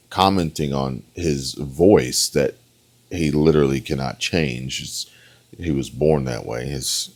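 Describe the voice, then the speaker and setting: An American online political commentator with an extremely low, deep voice reacts to a debate clip. His commentary is opinionated and rambling, and he keeps punctuating points with "okay?"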